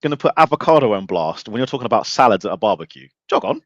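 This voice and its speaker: A man's voice: lowish voice, big pitch swings, rapid-fire, fairly bright tone, dry recording, muffled recording. A man hosting a live-stream interview, blunt and joking, with emphatic opinions and mild swearing. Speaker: podcast host.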